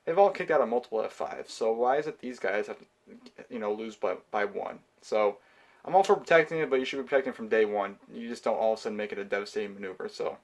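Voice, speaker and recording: A man giving a casual, heated review of a wrestling show, swearing often and filling pauses with ums. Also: lowish voice. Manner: profane, heated ranting; frequent filler words and restarts. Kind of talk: casual pay-per-view review.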